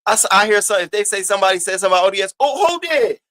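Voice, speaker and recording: A man with a slightly high voice hosts a casual gossip commentary. He is animated and profane, jumping from loud outbursts to low muttered asides. He stretches words out for sassy emphasis. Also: rapid-fire, dry recording. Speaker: host of a commentary channel.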